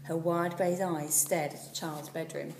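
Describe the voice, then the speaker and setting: A woman's voice: deep voice, measured pace, vocal fry. Woman reading a storybook aloud, echoey. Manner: expressive, dropping to a whisper at times. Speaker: teacher. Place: school classroom. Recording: echoey room, far from the mic, faint hum.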